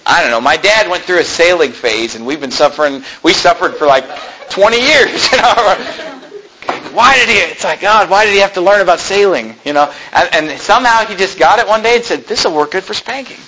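Animated, high-voiced male preacher. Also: fairly quick, slight background noise, low-quality recording. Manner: animated, folksy preaching with asides and self-deprecating humor. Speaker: pastor. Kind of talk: sermon.

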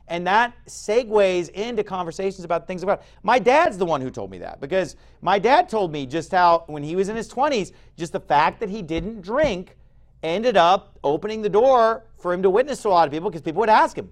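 High-voiced, animated man preaching a sermon. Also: brisk. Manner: emphatic, conversational preaching with sudden loud bursts. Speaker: pastor.

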